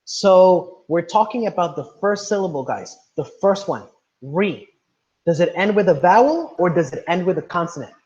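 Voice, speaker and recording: A man's voice: high-pitched, animated, moderate pace, hardly any pauses, a little mellow. Man teaching an online class, muffled. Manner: patient, repeats words and checks with "right?". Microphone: video call.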